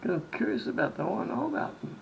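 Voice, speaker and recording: Gravelly man telling a rambling story. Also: high voice, very animated, rapid-fire, a little hiss or hum, rough recording. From Australia. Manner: rambling, with many restarts and acted-out quotes. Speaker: vlogger. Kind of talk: casual storytelling monologue.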